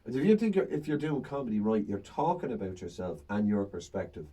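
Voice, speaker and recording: A man's voice: fairly low pitch, brisk, slightly rough, recorded from a distance. A man, a stand-up comedian, chatting casually and acting out his banter with audience members. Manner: animated storytelling, acts out crowd banter. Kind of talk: casual chat.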